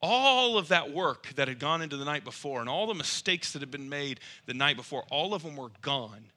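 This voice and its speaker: A man preaching through a lively, self-mocking personal story. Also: on the high side, a little fast. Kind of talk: storytelling sermon.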